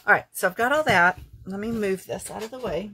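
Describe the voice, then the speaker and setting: A woman's voice: mid-range voice, brisk, bright, forceful tone, slight background noise. A woman craft vlogger chatting casually and ramblingly as she shows off her thrift finds, often correcting herself. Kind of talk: casual show-and-tell haul.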